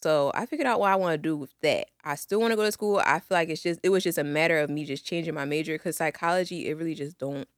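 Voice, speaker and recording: A woman's voice: sits low, quick pace, hardly any pauses, dry recording. Chatty woman in her twenties, dry close mic. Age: 20s. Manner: loose and chatty, with slangy asides and laughs. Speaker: podcast co-host. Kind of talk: casual chat.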